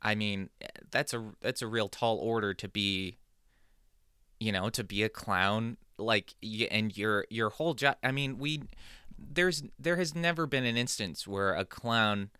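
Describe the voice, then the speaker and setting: A male podcast host delivers a casual comedic monologue that's rambling, digressive and self-deprecating. His voice is on the low side, unhurried, bright, forceful and smooth, recorded with clean studio sound and no echo.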